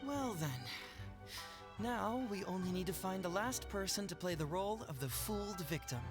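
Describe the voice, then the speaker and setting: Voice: medium pitch, lively intonation, normal speed, close to an everyday voice. A voice actor playing a cunning, teasing young male detective in a video game. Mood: scheming. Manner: sly, playful, persuasive. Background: game music.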